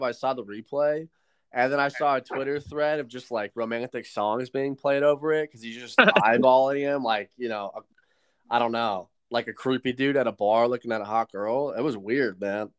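A man's voice: medium pitch, a bit bright, no echo. Rambling man in casual podcast chat. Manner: rambling, many fillers and restarts. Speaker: podcast co-host.

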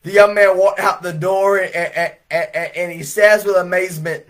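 Brief: male evangelist, high voice, revival sermon, animated, builds to shouts. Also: moderate pace, hardly any pauses. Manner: animated storytelling, swelling to shouts.

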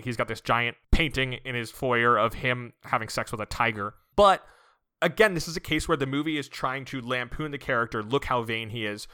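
A man with a bright, forward voice co-hosts a casual film chat. He picks apart the movie analytically and peppers his talk with "like.". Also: medium pitch, clear, resonant tone. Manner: critical, analytical, uses "like" a lot. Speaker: podcast co-host.

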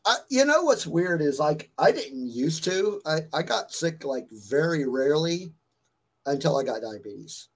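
A man with a slightly raised pitch chats on his stream, rambling through his story with lots of ums and restarts. He sounds like he is still recovering from a fever. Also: big pitch swings, unhurried, poor audio. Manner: rambling, filler-heavy storytelling. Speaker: stream host. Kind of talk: casual chat.

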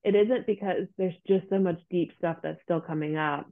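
A woman's voice: lowish voice, normal speed. A woman guest, a therapist, speaking earnestly in casual interview talk and acting out her clients' voices. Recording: tinny phone-like line.

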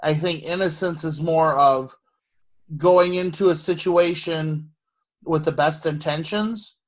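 A man's voice: a little high, slow pace. Thoughtful man asking questions. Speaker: podcast co-host asking questions. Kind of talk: casual chat.

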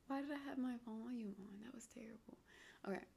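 On her solo podcast, a young woman talks fast in a slightly high, gravelly, darkish voice over slight background noise. Her talk drifts off topic, turns self-mocking and frequently falls into whispers.

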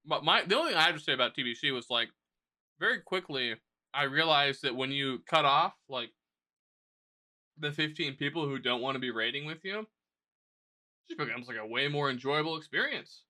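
A young man co-hosting a podcast, telling animated stories in a casual, profane way. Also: mid-range voice, a little fast, long pauses. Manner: animated storytelling, lots of swearing. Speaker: podcast co-host. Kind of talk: casual chat.

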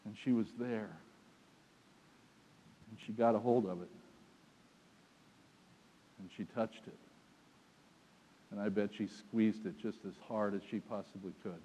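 A man preaching a sermon, telling the story dramatically and swinging from hushed lines to loud ones. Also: fairly low pitch, steady tone, a little slow, long pauses, in a large hall, slight background noise.

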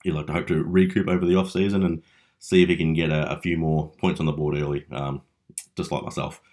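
A man's voice: very deep voice, level tone, brisk, a little mellow. A young Australian man hosting a casual fantasy league recap, chatty and teasing with mock-dramatic flair. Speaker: fantasy league podcast host.

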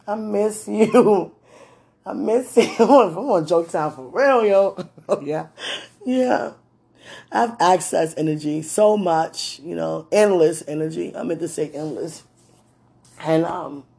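A woman in a casual talk to camera, laughing often, with loose slangy speech and warm words to a loved one. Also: on the low side, creaky. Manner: affectionate, addresses a loved one.

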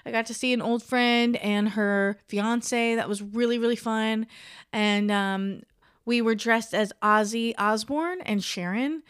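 Chatty opinionated young woman, smooth voice. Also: on the high side, steady tone, a little slow, no room sound, clean studio sound. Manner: chatty, opinionated, ranting gossip. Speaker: podcast host. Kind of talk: casual solo podcast chat.

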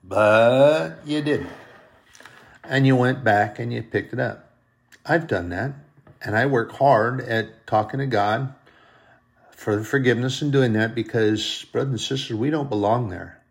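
Male pastor, mid-range voice with gravel, earnest repetitive sermon delivery. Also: mid-range voice, unhurried. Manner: earnest, repetitive preaching cadence.

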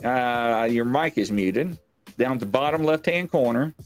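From his home stream set, this live online talk show host keeps things casual, rambling, joking and mocking himself. His medium-pitched voice is a little slow, and faint music plays behind him.

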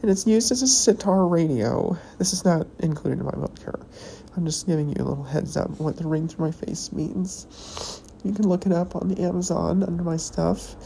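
A woman hosting a podcast, talking in a rambling, halting personal monologue while tearful and emotional. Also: fairly low pitch, vocal fry, mellow, a little hiss or hum, low-quality recording. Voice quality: halting, hesitant delivery with pauses. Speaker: podcast host.

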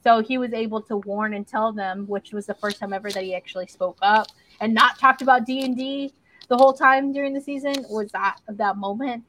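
A woman's voice: a little high, brisk, a bit bright, slight background noise, poor audio. A young woman co-hosting a podcast, recapping a series in casual chat and swearing freely as she tells the story. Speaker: podcast co-host.

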